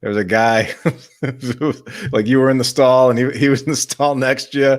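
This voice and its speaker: A man hosting a casual livestream chat, talking haltingly with restarts and chuckles. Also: medium pitch, fairly even intonation, clear, resonant tone. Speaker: writer, host.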